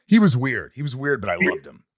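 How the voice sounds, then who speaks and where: Man, podcast host, casual chat, lively pitch, excitable, interrupts, dry close sound. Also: a little fast, no room sound. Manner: excitable, jumps in and interrupts, swears.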